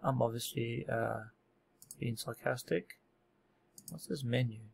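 Guy doing a screen tutorial, gravelly voice, chill, lots of ums and restarts. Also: mid-range voice, a little slow. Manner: relaxed, self-deprecating, many fillers and restarts. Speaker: software tutorial presenter. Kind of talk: casual screen-recorded tutorial.

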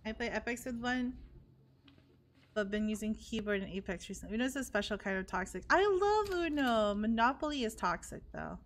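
A woman's voice: mid-range voice, brisk, slight background noise. A young woman streaming games, chatting casually with her viewers and laughing often. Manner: bubbly, laughs often, reacts to chat. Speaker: VTuber streamer. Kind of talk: casual live-stream chat.

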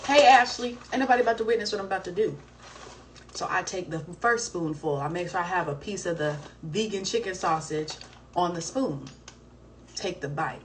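A young woman chats on her live stream from home, telling a story in a lively, slangy and profane way. Her voice sits a little back from the microphone, with a faint hiss of background noise. Her pitch is in a middle range. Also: a little fast. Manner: animated, slangy and profane, with exclamations. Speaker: live-stream host answering viewer questions. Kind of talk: casual storytelling chat. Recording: voice a bit distant from the mic, faint background noise.

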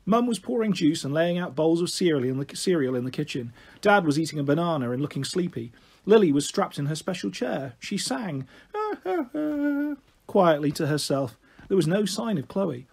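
Husky, expressive male storyteller. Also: a little high, fairly quick. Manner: expressive, animated. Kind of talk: reading a children's novel aloud.

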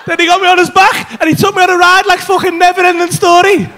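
A man doing an animated, sweary stand-up routine in a comedy club, with loud outbursts. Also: very high-pitched, quick pace.

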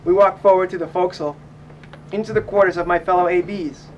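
A young man calmly reading his first-person memoir of sailing aloud. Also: high voice, fast, distant mic, lo-fi sound. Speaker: audiobook narrator. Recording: faint noise, voice set back from mic.

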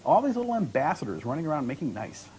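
Man doing a talkative american woman traveler, wry and ironic, raised voice, lively swooping delivery. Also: on the high side, fast talker, a little hiss or hum, low-quality recording. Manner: chatty, ironic, lightly defensive. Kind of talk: author reading dialogue aloud.

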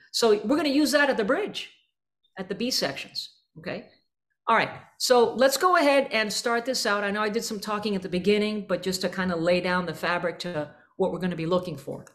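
A woman's voice: on the low side, brisk, a bit bright. Woman coaching a band with imagery. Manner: demonstrative, sings out syllables and rhythm phrases; uses vivid imagery to coach players. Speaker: jazz clinician. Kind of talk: rehearsal clinic instruction.

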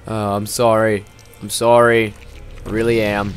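A man giving profane, loud gaming commentary, yelling at the game often and then dropping into sheepish apologies. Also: medium pitch, faint music behind. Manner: quick swings between ranting and sheepish apologies. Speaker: gaming video host. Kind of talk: let's-play gaming commentary.

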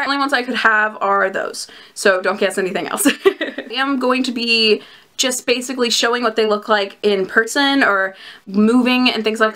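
A woman's voice: medium pitch, pushed and bright. A young woman chatting casually to camera in a vlog, giggly and bubbly, often laughing between her words. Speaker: vlogger reviewing plush collectibles.

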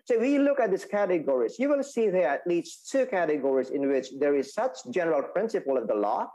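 A man teaching a Sabbath school Bible lesson, explaining slowly with many restarts and fillers. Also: a little high, big pitch swings, mellow, poor audio. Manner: explaining, repeats and restates points, halting with fillers.

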